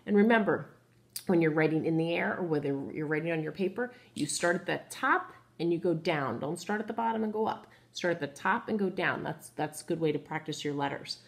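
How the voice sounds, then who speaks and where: Woman, phonics teacher, patient, encouraging, lower voice, roomy echo. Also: a little fast, creaky. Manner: patient, encouraging, asks the class questions. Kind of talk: children's phonics lesson. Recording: echoey room.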